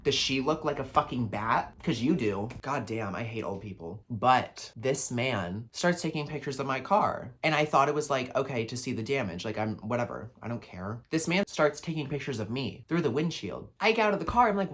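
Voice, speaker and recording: A young man in his twenties telling storytime vlog stories in a dramatic, sweary way, swinging from flat deadpan to loud outbursts. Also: medium pitch, moderate pace. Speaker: vlogger.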